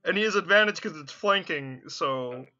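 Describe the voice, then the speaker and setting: A man's voice: on the high side, expressive, moderate pace, sharp tone, dull audio, faint music behind. A man playing a tabletop game online, working out rolls aloud and correcting himself. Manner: counts dice aloud, stumbling and correcting himself. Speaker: player. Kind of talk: casual play chat.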